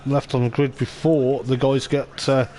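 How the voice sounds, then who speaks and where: A man's voice: medium pitch, flat delivery, moderate pace, mellow. A man giving chatty, meandering live commentary on an online racing league event. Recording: clear racing game engine noise behind the voice. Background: race car engine sounds from the game.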